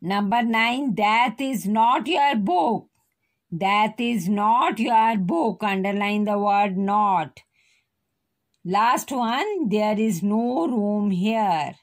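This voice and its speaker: Very slow woman teacher dictating. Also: mid-range voice, animated. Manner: slow, deliberate dictation, spelling words out letter by letter. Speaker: school teacher. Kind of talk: dictating a grammar lesson to young children.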